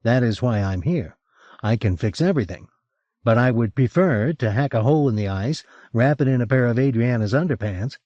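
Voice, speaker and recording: A man's voice: medium pitch, expressive, moderate pace, warm tone, dry recording, natural voice. A man voicing a crude, mocking male crew member in an audiobook. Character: loose-talking male photographer's assistant, crude and mocking. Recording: dull lo-fi cassette recording.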